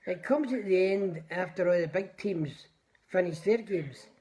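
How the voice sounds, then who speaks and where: A man's voice: high-pitched, unhurried, darkish tone. An older man with a Scottish accent, casually telling rambling stories on a livestream and greeting his viewers by name. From Scotland. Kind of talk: casual storytelling to live viewers.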